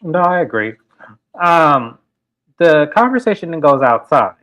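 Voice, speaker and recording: A man hosting a casual reality TV recap, retelling scenes with lively acted-out quotes. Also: on the high side, unhurried. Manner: animated storytelling, acting out quotes.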